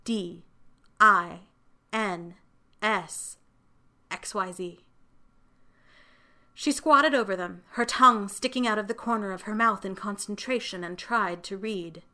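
A woman narrates a fantasy short story at a gentle, measured pace, as in scripted reading. Her voice is mid-pitched with a bright, forward tone.

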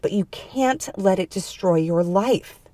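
A woman voicing a giant, blunt double of the heroine who speaks low, firm and urgent. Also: expressive, a little slow, mellow, dry recording, studio quality. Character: towering blunt woman, the other self, tough but caring.

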